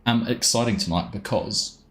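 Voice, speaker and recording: A deep-voiced Australian man chats easily on a live game stream, greeting viewers one by one in a relaxed, friendly way. He talks from a home desk, and there is a faint hum of ambience behind him. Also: normal speed. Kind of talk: casual live stream chat.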